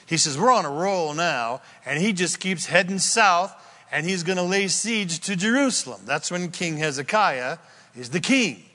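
A man preaches verse by verse in a folksy, animated way, weaving in stories. His voice sits a little high and sounds bright and forceful. A long reverb from a large hall trails his words. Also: moderate pace. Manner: folksy, animated, with storytelling asides. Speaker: pastor. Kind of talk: expository sermon. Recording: echoey hall.

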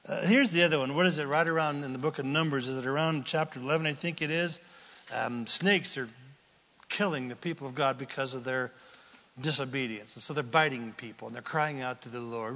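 A man preaching a sermon, animated and casual, acting out Bible scenes in everyday voices. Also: medium pitch, brisk, in a large hall. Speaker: pastor.

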